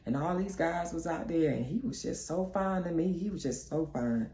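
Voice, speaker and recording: A woman voicing her gossipy young woman friend in a high, animated, drawling voice. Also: normal speed, natural voice. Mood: gossiping. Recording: echoey room.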